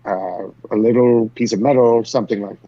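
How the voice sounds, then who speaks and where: A man's voice: lowish voice, fairly even intonation, normal speed, lo-fi sound. A man playing a tabletop game, speaking his character's stern lines. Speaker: player. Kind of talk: casual tabletop role-play.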